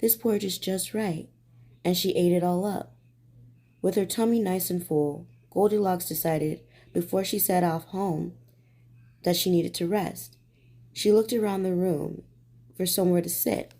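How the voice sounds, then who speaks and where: A woman reading a bedtime storybook aloud in a gentle, soothing way. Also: on the low side, steady tone, unhurried.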